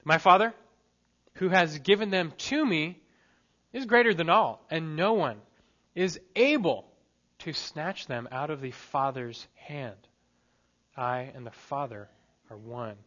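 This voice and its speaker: A man preaching an expository sermon as pastor, emphatic, asking the listeners questions and slowing down on key words. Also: fairly high pitch, pushed and bright, highs cut off.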